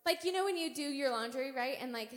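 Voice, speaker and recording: A woman's voice: high-pitched, fast. Chatty woman preaching in a reverberant hall. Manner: casual and animated, frequent "right?" and "like"; playful storytelling with comic exaggeration. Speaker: church speaker. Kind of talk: sermon. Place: church sanctuary.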